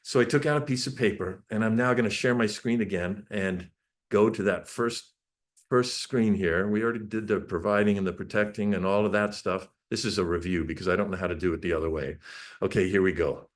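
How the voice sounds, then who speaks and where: Man, parenting webinar, slightly low voice, earnest, storytelling, stumbles and restarts. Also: fairly even intonation, a little fast. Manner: storytelling, acts out family dialogue. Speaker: parenting speaker.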